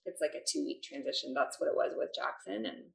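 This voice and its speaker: A woman's voice: very deep voice, fast talker, gravelly. A woman podcast host in casual chat, talking in a friendly, gushing way and laughing often. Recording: echoey room.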